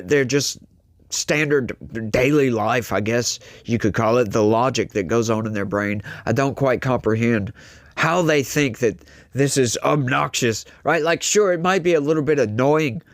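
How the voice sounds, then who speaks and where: A man's voice: medium pitch, no room sound, clean studio sound. A man doing mocking political reaction commentary, laughing often.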